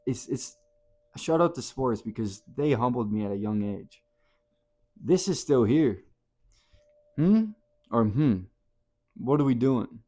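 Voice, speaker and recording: A man speaking to camera in a slow, deliberate motivational talk. He is impassioned and blunt, with casual swearing, and his voice swings from hushed to loud. His pitch sits in a middle range. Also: lively intonation.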